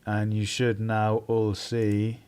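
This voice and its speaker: A man narrating as game master in a tabletop game, relaxed and full of hesitations. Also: fairly low pitch, slow, clean tone. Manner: casual, relaxed, with frequent hesitations.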